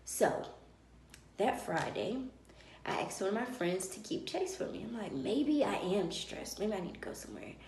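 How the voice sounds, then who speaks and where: Woman, personal storytelling, animated, acts out conversations, roomy echo, faint room hiss. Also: medium pitch, moderate pace. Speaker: vlogger.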